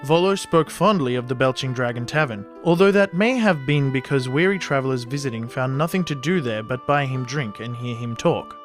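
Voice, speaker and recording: A man reading scripted fantasy narration in a measured storytelling manner. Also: medium pitch. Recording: narration over soft fantasy music.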